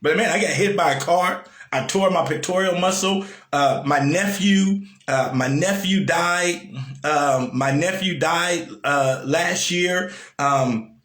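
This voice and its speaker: A man's voice: on the high side, slow pace, fairly bright tone, reverberant. A man giving a casual motivational talk, repeating lines for emphasis and asking his listeners questions. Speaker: motivational speaker.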